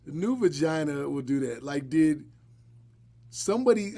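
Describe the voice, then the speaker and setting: A man's voice: on the high side, unhurried. A man hosting a live podcast, chatting casually and bluntly with joking asides. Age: adult, married. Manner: blunt, joking, animated storytelling. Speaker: podcast host.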